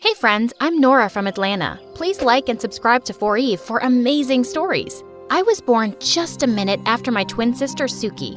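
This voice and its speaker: High-voiced woman narrating a story. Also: lively intonation, moderate pace, few pauses, faint music behind. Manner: chatty, conversational storytelling. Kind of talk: first-person scripted story narration.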